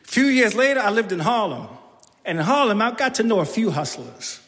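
High, bright-voiced New storyteller. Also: male voice, a little fast. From the Bronx, New York. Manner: animated, acts out shouted quotes, laughs often. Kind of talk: live storytelling on stage. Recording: reverberant hall, faint room noise.

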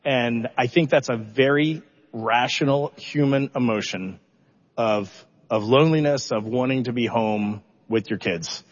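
A middle-aged man, a mission commander, telling an animated, self-deprecating story at a press conference. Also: medium pitch, measured pace. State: emotional, holding back tears. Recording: dull recording in a reverberant hall.

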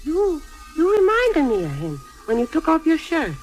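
An actress playing a blunt, grieving widow and seamstress. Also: female voice, sits high, wildly swooping pitch, normal speed, darkish tone, faint music behind, low-quality recording. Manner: blunt, scolding then tender. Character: fiery grieving Italian-American widow seamstress. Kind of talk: stage or film drama acting.

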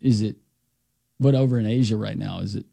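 A man's voice: on the low side, brisk, vocal fry, warm tone, husky, dry recording. A man co-hosting a sports talk radio show, making wry joking asides in casual chat. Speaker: radio co-host.

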